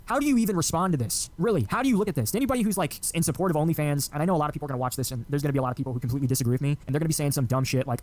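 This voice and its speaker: A man delivering an angry, profane political rant, mocking the people he quotes. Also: fairly high pitch. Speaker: online commentator.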